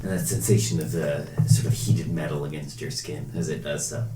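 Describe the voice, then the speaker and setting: A man with a very deep voice narrates a tabletop game as game master, measured and dotted with fillers. He sounds distant in a roomy space, with clear background noise. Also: fairly even intonation.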